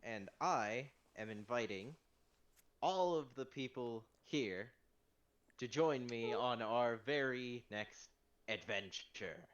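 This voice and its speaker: An unhurried man at an everyday pitch, chatting casually on a tabletop game stream. He talks in an easygoing way, with keyboard clicks in the background. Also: lively intonation, fairly bright tone, lo-fi sound. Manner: easygoing, plugging his own upcoming campaign. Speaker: player.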